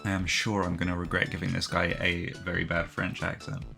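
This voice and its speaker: A man's voice: low voice, level tone, fairly quick, vocal fry, pushed and bright, soft background music. A man casually commenting on a game playthrough in a wry tone, reading the dialogue aloud. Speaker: streamer.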